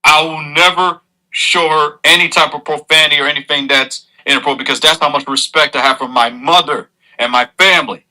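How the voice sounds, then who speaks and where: A man's voice: on the high side, steady tone, brisk, bright, forceful tone, rough recording. A man delivering an earnest, moralizing advice monologue to his audience as a streamer.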